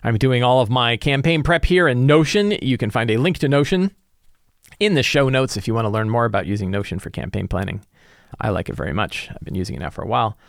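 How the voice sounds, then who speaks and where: Game-master type man, animated casual recap, medium pitch, dry close mic. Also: fast, vocal fry, no echo. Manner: animated retelling with many fillers. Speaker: game master and tabletop gaming creator. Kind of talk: casual session recap and prep talk.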